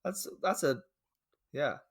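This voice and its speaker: A man's voice: on the high side, expressive, slow pace, breathy edge. A man co-hosting a comedy podcast, reading a story and joking around in a laid-back way. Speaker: podcast co-host and reader. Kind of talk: casual chat and story reading.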